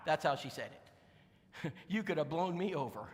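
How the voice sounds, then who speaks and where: A man preaching in a bright, high voice, his pitch leaping up and down as he tells a story. He speaks folksy and emphatic, and the sound lingers in a long church hall reverb. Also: animated, normal speed. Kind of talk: sermon storytelling. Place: church sanctuary.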